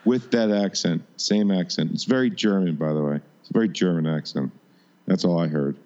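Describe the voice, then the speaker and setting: Very low-voiced man, blunt and sarcastic. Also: a little fast, warm tone, lo-fi sound. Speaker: podcast co-host. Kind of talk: casual profane chat.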